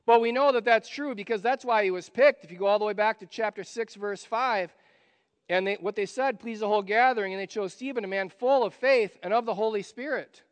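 A man delivering a sermon in a high voice, with long reverb ringing behind him. He preaches conversationally, asking the listeners questions and dropping from loud emphasis to hushed asides. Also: fairly quick, clear, resonant tone. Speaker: pastor.

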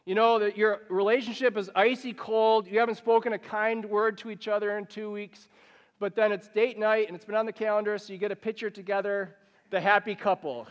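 A man delivers a sermon from the pulpit in a bright, high-set voice. He talks to the congregation like a friend, slipping into quick acted-out scenes. His words ring out with a long hall reverb. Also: dull audio. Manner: animated, conversational preaching with acted-out examples. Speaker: pastor.

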